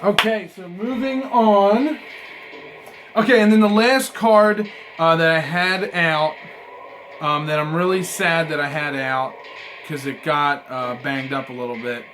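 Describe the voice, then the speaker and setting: A man reviewing trading cards in a casual vlog, rambling and swearing, swinging between mumbled asides and excited outbursts. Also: fairly high pitch, a little slow, background noise. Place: apartment room.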